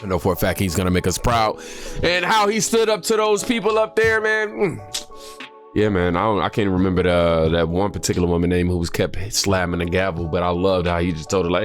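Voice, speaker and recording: A man's voice: sits low, very animated, a little fast, faint music behind. A man hosting a reaction video, chatting loosely and reading posts aloud while sick and short of breath. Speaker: reaction channel host. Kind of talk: casual reaction commentary.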